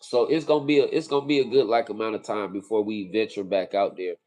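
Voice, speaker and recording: A man's voice: lowish voice, steady tone, fast, darkish tone. A man from California co-hosting a casual livestream, talking earnestly and often repeating phrases. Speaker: livestream co-host.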